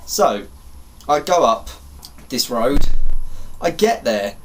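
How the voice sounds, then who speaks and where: A young man vlogging, telling a story to camera in an animated, exasperated way and swearing casually. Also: medium pitch, slow, a little hiss or hum.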